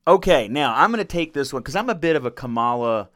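A man's voice: mid-range voice, animated, fast talker, a bit bright. A man co-hosting a political podcast in casual, joking chat, laughing often. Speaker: podcast co-host.

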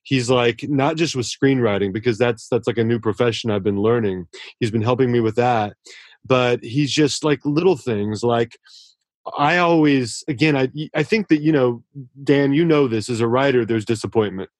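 A man's voice: mid-range voice, moderate pace, darkish tone, dry recording. Male author guest, earnest and effusive, restarts a lot, dry recording. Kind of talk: casual interview talk.

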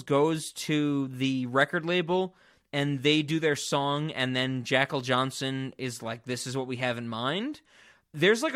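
A man co-hosting a podcast, chatting casually about a movie, joking and animated. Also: on the high side. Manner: animated, jokey, breaks into loud yelling bits. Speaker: podcast co-host. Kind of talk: casual movie-review chat.

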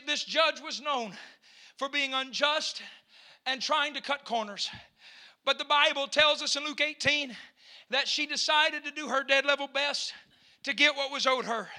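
High, bright-voiced fiery preacher man. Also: no room sound. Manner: impassioned, shouting, punctuating phrases with "uh". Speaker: pastor. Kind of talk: fiery Pentecostal sermon.

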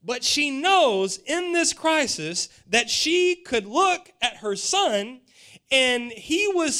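Male preacher, forties, animated storyteller, high voice that swoops around. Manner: animated storytelling, repeats words. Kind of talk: sermon.

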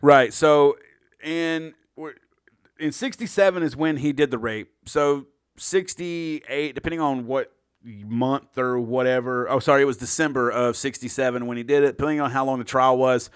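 A man's voice: mid-range voice, normal speed, smooth, dry recording, clean studio sound. A man co-hosting a casual true-crime chat, profane and joking, riffing into silly bits. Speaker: podcast co-host.

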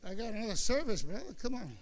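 A male pastor preaching a sermon in an emphatic style, sometimes rising into shouts. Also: high voice, sing-song, fast, a little hiss or hum.

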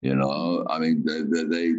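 Deep guy rambling on a podcast, trips over his words, kinda muffled lo-fi audio. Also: level tone, moderate pace, darkish tone. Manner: rambling, stammering restarts. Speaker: podcast co-host. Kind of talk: casual chat.

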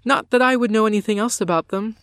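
A man doing a cool-headed teen girl, calm, higher voice, defiant. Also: a little slow, clear, resonant tone, no echo, studio quality. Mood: calm defiance. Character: defiant teenage girl accused of witchcraft.

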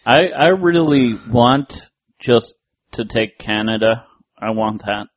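A man's voice: medium pitch, expressive. A man co-hosting a casual podcast with wry, laughing remarks. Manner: slow, wry, laughs often. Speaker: podcast co-host. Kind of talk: casual group chat. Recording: dull lo-fi sound.

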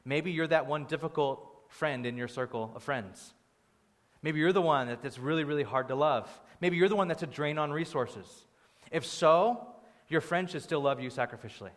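A young man preaching a sermon as pastor, in a conversational, animated way with playful asides. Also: on the high side, normal speed. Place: church sanctuary. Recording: long hall reverb.

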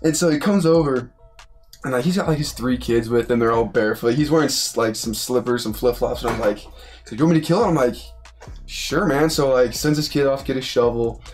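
Young guy from utah telling a story, lively, does the voices, laughs a lot, bit of music in back. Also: medium pitch, a little fast. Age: young adult. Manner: animated, acts out quoted voices, laughs often. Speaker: college football player, podcast co-host. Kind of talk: casual storytelling chat.

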